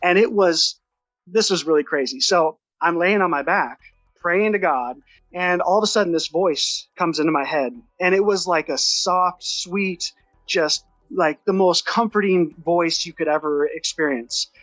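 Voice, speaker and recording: A high-pitched man tells a personal story with earnest feeling, often rushing and restarting his sentences. The sound is dry and a bit dull and lo-fi, with faint music underneath. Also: a bit bright, no room sound. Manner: earnest, heartfelt, rushed with restarts. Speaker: podcast guest.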